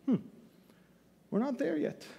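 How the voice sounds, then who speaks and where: A man teaching the Bible as a sermon, emphatic, with sudden loud bursts and humorous asides. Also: very high voice, animated, unhurried, gravelly. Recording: long hall reverb.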